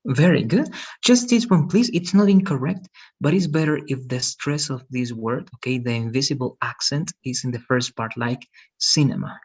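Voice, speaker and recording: A man's voice: medium pitch, moderate pace, husky. A man teaching English in an online lesson, patient and repeating "okay" and "right" often, heard over a video call.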